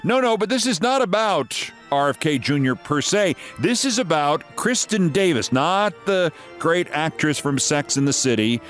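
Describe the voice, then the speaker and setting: A man's voice: a little high, animated, moderate pace, fairly bright tone, faint music behind. A man in his sixties hosting a political commentary show, with a sarcastic, theatrical delivery and emphatic swings in his voice. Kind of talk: scripted sardonic commentary.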